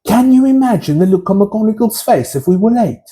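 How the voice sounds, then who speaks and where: Guy doing a cheeky teen wizard boy, voice pushed up a bit, mellow tone. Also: high-pitched, lively intonation, fairly quick, pitched above the performer's own voice.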